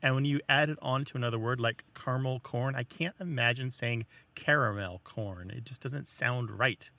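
A man's voice: mid-range voice, steady tone, brisk, creaky, pushed and bright, no room sound. A man co-hosting a radio show about language, talking easily and explaining with a joking touch. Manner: easygoing, explanatory, jokey. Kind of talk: casual radio chat.

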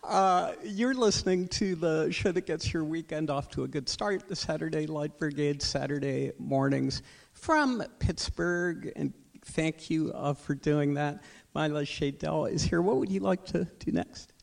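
A man's voice: fairly high pitch, a little slow, gravelly. A man hosting a weekend radio show, chatting with guests, laughing easily and tripping over names in a studio. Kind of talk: live radio interview chat.

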